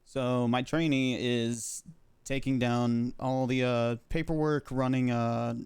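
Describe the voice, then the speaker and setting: A man playing a medic in a roleplay game, recounting events in character, pausing often with fillers as he talks. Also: medium pitch, little pitch movement, darkish tone, clean tone, no echo. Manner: halting, filler-heavy recounting. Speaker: roleplay medic giving a statement.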